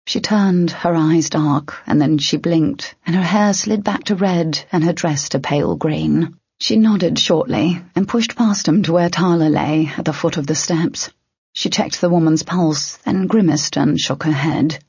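Breathy woman narrating a fantasy audiobook. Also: low-pitched, a little slow, darkish tone, no echo, dull audio. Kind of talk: scripted narration.

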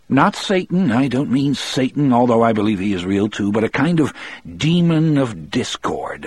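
A man reads a first-person audiobook in a measured, reflective way. His voice is lowish and a little husky. The recording is dry and close, with no room sound. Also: no room sound. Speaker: audiobook narrator.

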